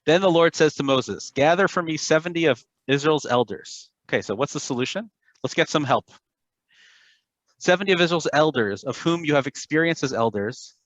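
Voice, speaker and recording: A man's voice: medium pitch, no echo, highs cut off. Man reading scripture aloud and explaining it. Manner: animated, breaks in with asides and explanations. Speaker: class facilitator.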